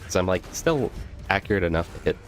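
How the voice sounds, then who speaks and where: A man's voice: sits low, expressive, fast, slight background noise. A young man giving casual gameplay commentary with joking, rambling asides to viewers. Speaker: gaming video host.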